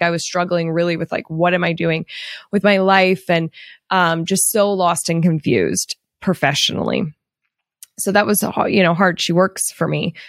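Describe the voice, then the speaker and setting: A woman's voice: on the low side, fairly bright tone, no echo, studio quality. A woman host and business owner talking openly and reflectively about her own struggles in a candid personal monologue. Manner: open, reflective, confessional.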